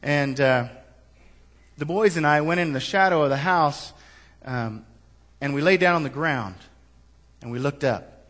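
In a slightly high voice, a bit slow and with frequent pauses, a pastor preaches to his congregation. He reads from scripture and presses them with rhetorical questions, alternating quiet remarks with rising, forceful statements.

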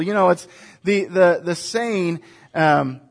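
A male pastor delivers a sermon in a slightly higher-pitched voice. He asks rhetorical questions and moves between soft, reflective moments and emphatic passages. Now and then he leads the congregation in saying a line together. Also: expressive, moderate pace.

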